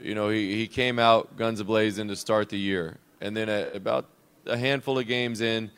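A man with a low, smooth and resonant voice, talking as a head basketball coach on a call-in style show. He speaks in a relaxed, reflective and unscripted way. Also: moderate pace. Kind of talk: conversational coach's show interview.

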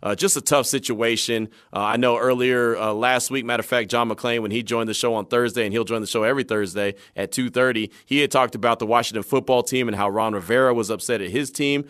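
A man's voice: mid-range voice, fast, few pauses. Conversational male sports radio host. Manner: conversational, animated storytelling with acted asides. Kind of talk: sports talk commentary.

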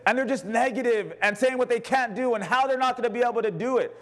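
High-voiced man preaching a sermon. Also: fast talker, few pauses. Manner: animated preaching, acting out quoted voices. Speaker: pastor. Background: congregation responding.

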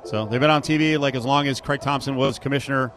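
A man's voice: mid-range voice, steady tone, fast, fairly bright tone. A man hosting a casual sports radio show from a sportsbook, chatting, joking and reading live ads. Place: sportsbook broadcast booth.

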